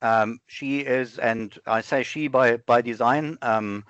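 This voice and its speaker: This is a webinar clip with screen sharing where a man demos software live, musing aloud and often backtracking to fix what he said, with halting fillers throughout. The voice is smooth and mid-range, there's no room sound, and the recording has that flat, dry, lo-fi online-call feel.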